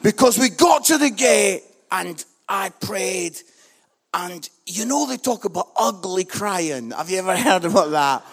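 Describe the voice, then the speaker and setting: Animated high-voiced preacher. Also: male voice, measured pace, gravelly. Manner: animated storyteller, shifts from hushed to shouting. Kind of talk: humorous sermon story.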